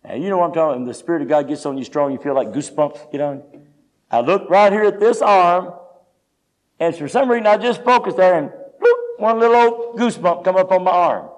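Folksy high-voiced preacher man. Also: fairly quick. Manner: folksy, animated storytelling with quoted speech. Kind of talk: sermon testimony storytelling.

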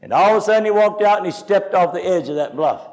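High-voiced man preaching with folksy stories. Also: lively intonation, fast talker. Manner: folksy storytelling, varied loudness. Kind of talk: storytelling sermon.

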